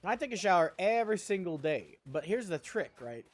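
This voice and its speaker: A man's voice: high voice, sing-song, a little fast, faint music behind. A young man streaming live, chatting casually while he plays a game, rambling with jokey asides. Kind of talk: casual chat while gaming.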